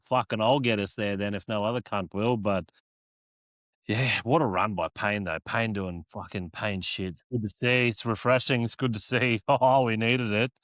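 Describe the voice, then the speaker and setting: An Australian man co-hosts a sports podcast, running through match events and breaking into laughter and profanity. His voice sits at an average pitch, recorded dry and close. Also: fairly bright tone, no echo. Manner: laughing, sweary, recaps play by play. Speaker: podcast co-host. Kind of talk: casual sports chat. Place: studio.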